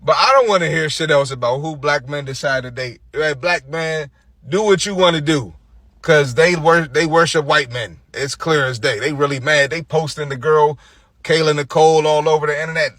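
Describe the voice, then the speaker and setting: Blunt, mocking man with a bright voice. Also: fairly high pitch, normal speed, no echo. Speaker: online commentator. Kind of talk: blunt social media rant.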